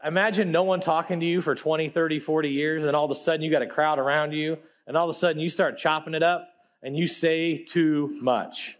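A man with a high-pitched voice preaches a sermon in a loose, animated style, dropping slang as he goes. He keeps swinging from loud, emphatic peaks down to quiet, low asides. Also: a little fast.

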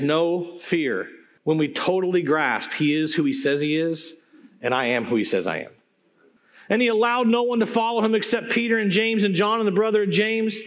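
A man preaching a sermon, telling stories in an animated, conversational way that swings between loud and hushed. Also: sits high, normal speed. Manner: conversational, with asides to the audience.

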